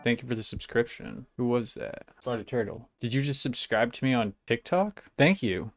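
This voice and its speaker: A young man live-streaming and chatting casually, swearing a lot and breaking into loud excited outbursts. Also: medium pitch, unhurried, hardly any pauses, slight background noise. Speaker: livestreamer.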